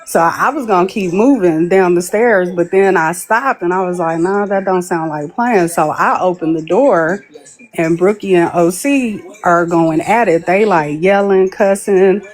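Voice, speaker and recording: A woman's voice: lowish voice, unhurried. A woman, a guest on a live stream, telling a long story in a chatty way and acting out what people said. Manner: chatty, laughs while telling, acts out quoted people. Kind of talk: casual storytelling.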